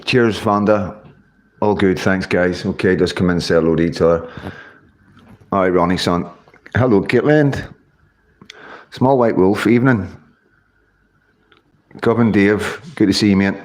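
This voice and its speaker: Chatty man, lowish voice. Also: unhurried, pauses often, a little mellow. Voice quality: informal, uses local words. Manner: chatty, greets viewers one by one by name. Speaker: livestream host. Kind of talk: casual livestream chat.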